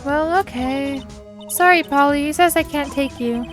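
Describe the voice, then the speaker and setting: A woman's voice: measured pace, over music. A woman voicing a spirited young female sidekick in a courtroom game, reading her lines in a bubbly, raised voice. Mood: excited. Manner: bubbly, high-pitched.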